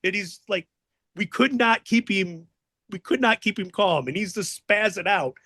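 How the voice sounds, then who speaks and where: A man with a high-pitched, bright voice tells raucous, profane stories in a casual interview. He acts out excited shouts from the people in them. The recording is dry and close. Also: normal speed, slightly rough, no room sound. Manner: profane, excitable storyteller acting out others' voices. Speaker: wrestling guest telling stories.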